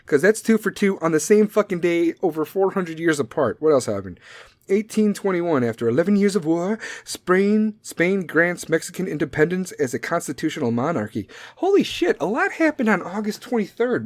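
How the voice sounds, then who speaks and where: A sarcastic man riffs loosely through history dates, swearing freely and chuckling at his own asides. His voice sits slightly higher than most men's. The recording is dry and close, with no room echo. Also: animated, moderate pace. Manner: sarcastic, profane, laughs at own jokes. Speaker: podcast host. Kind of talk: casual profane history riff.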